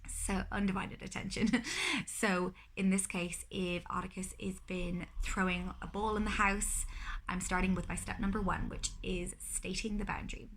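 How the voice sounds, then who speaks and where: A woman's voice: medium pitch, normal speed, a bit bright. A woman in her thirties, a mother, giving parenting advice in a casual vlog, talking earnestly and often correcting herself mid-sentence. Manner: earnest, explanatory, with frequent self-corrections.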